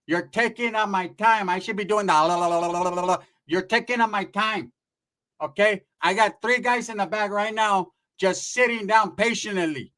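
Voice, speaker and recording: A man's voice: high voice, sharp tone, pitched above the performer's own voice. A man doing a bossy scolding aunt. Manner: drawn-out, scolding, impatient. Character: bossy scheming middle-aged aunt.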